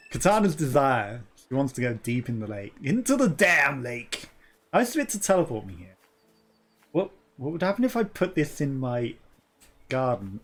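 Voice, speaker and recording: A man giving casual let's play commentary, joking crudely, laughing often and talking back at the game. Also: mid-range voice.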